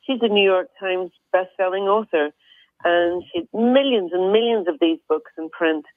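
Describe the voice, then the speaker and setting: A woman from Ireland, an interview guest speaking earnestly and gently. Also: lowish voice, normal speed, no echo. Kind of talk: phone interview. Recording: dry tinny phone line.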